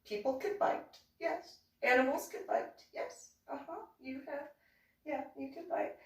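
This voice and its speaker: A chatty, giggly woman tells stories in a casual, animated way. Her voice sits fairly high and leaps all over the place. She sounds distant from the microphone, with plenty of room echo around her. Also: measured pace. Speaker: reverend sharing stories. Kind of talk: casual storytelling. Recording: echoey room, distant from mic.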